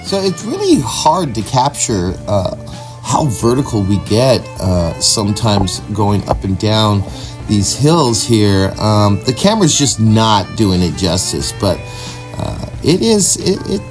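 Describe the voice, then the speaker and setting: A man from Washington state hosting a casual off-road vlog, relaxed and chatty with plenty of fillers, recorded on a phone in a vehicle outdoors. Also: on the low side, slow pace. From Washington state, US Northwest. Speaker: vlog host. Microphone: phone camera. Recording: music playing underneath.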